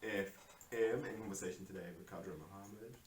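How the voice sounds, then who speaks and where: A man's voice: fairly low pitch, brisk. A man hosting a radio talk show, rambling with many fillers in a casual chat. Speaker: radio host. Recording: roomy, distant mic, faint hiss.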